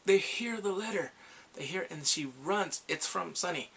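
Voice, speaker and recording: A man recapping a drama episode in a casual, excited way, acting out the characters' lines and his own reactions. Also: high voice, normal speed, vocal fry, breathy edge. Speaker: drama reviewer.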